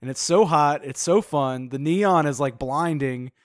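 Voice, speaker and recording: A man's voice: on the high side, a little slow, no room sound, studio quality. Wry young man, filler-heavy podcast chat. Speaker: podcast co-host. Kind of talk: casual chat.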